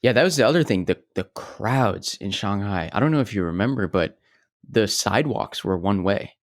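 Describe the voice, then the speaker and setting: A man co-hosting a podcast, chatting casually, teasing his friend and throwing in quick reactions. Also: on the low side, lively intonation, dry recording, clean studio sound. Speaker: podcast co-host. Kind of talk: casual chat.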